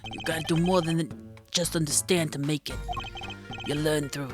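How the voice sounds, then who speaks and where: Lady doing a gruff old mob boss, slow low drawl, music behind. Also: fairly even intonation, natural voice. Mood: menacing. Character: older male mob boss, gruff and menacing.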